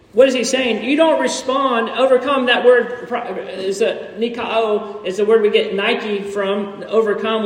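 A high-pitched man preaching a sermon in a church sanctuary. He delivers it animatedly, pushing to near shouts and slipping in quick jokes. The sound carries a long hall echo from some distance off the mic. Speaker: pastor.

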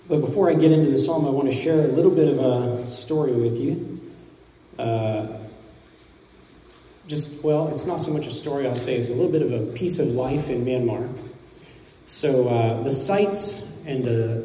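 A man's voice: medium pitch, a little hiss or hum. Man preaching in an echoey hall. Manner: conversational storytelling, relaxed with fillers. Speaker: pastor. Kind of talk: sermon. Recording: distant mic in a reverberant hall.

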